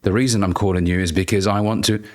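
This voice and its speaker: Man parodying a monotone script-bound salesman, flat and stumbling. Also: on the low side, fast talker, close to an everyday voice. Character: bored male cold-call salesman reading a script.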